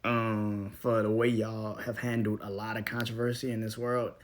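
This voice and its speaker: A man's voice: on the low side, little pitch movement, moderate pace. A young man hosting a podcast, ranting bluntly with lots of swearing and laughing as he goes. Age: young adult. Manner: profane, blunt, laughs often, swings between loud and mumbled. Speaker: podcast host. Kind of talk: casual ranting monologue.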